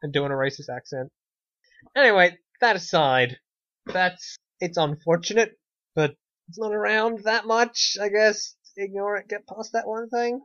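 High-pitched and a bit bright, this podcast co-host talks at a measured pace on a dry recording. He chats casually with wry sarcasm, regularly trailing off and starting over, and the lo-fi podcast sound is dull.

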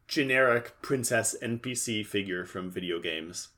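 A man's voice: lowish voice, moderate pace, pushed and bright. A young man co-hosting a podcast, recapping a show with dry, sarcastic quips. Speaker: podcast co-host. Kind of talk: casual chat recapping a show.

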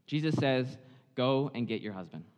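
A man preaching in a chatty, animated way, dramatizing the story as he goes. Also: medium pitch, moderate pace, big-room sound. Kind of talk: sermon, conversational Bible storytelling.

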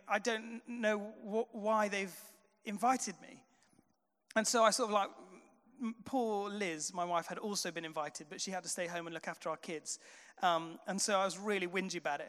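A pastor preaching a sermon, chatty and relaxed, often sliding into "um" and "sort of". His voice sits high and comes through smooth and resonant. A long reverb from a big church hall trails behind him. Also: fairly quick. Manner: conversational storytelling, frequent fillers.

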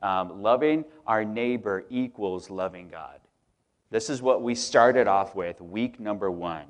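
A man's voice: lowish voice, a little slow. A man preaching a casual, joking sermon to his congregation, speaking. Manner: relaxed, joking, chatty with the congregation. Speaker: pastor. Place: church auditorium.

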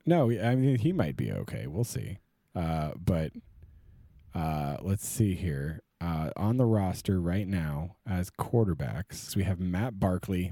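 Deep, dark-voiced man rambling casually. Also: no room sound, clean studio sound. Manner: rambling, halting, with many restarts. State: short on sleep. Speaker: podcast co-host. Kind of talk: casual chat.

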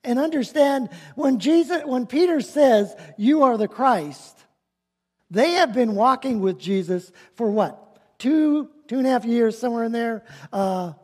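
A male pastor preaching a sermon, emphatic, slowing down to stress key words, heard in a church sanctuary. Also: very high-pitched, expressive, a little mellow. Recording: long reverb of a large hall.

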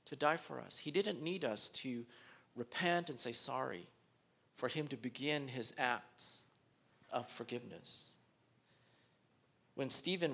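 Animated man preaching a sermon. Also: a little high, creaky. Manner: animated, swings from hushed to loud, acts out rude strangers. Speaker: pastor.

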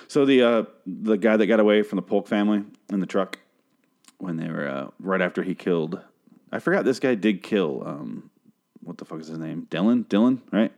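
Young male vlogger, lowish voice, swearing rants, exasperated show recap. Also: normal speed, darkish tone. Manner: ranting, profane, exasperated.

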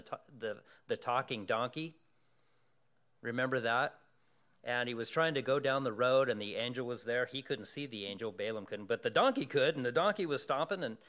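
Male pastor, sermon, animated storyteller, asks questions of the congregation. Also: mid-range voice.

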